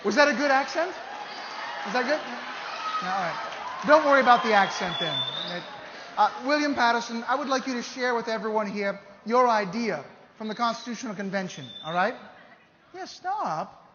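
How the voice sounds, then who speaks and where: In costume at an educational show, an actor plays a teasing, theatrical founding-era statesman, playfully coaxing and directing a student audience in a large hall during a live historical re-enactment. His very high voice is animated, bright and forceful, exaggerated, at normal speed, with a little hiss or hum. The recording is dull and echoey, with faint hall ambience.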